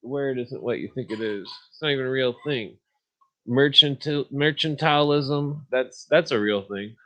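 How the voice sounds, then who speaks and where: Casting: male podcast host, meandering and crude, chuckles through his anecdotes, mid-pitch voice. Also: moderate pace, sharp tone, rough recording. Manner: profane, meandering, laughs at own stories. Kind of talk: rambling casual monologue.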